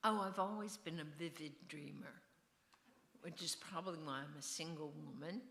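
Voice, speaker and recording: A woman's voice: sits low, normal speed, a bit bright, a little hiss or hum. An older woman novelist being interviewed on stage at a festival. She muses and digresses with a wry edge. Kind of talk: on-stage author conversation. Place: festival venue. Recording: roomy echo.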